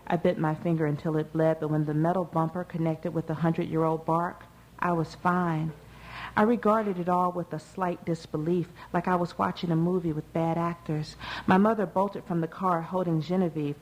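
A woman reading a first-person novel aloud in a measured, even way. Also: fairly low pitch, low-quality recording. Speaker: audiobook narrator. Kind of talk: first-person literary narration.

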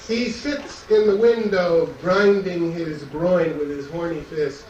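A man's voice: high voice, a little mellow, lo-fi sound. A man giving a live poetry reading, chanting his lines rhythmically with wry asides between poems. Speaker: poet. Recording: echoey room, distant mic, background noise.

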